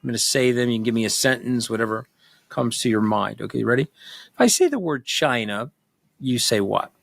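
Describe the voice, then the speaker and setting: A man's voice: mid-range voice, expressive, creaky, fairly bright tone, dry recording. Host, male, interviewer who stammers and restarts, dry close sound. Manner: quick rapid-fire prompts, stammering restarts. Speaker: podcast host. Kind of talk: casual interview.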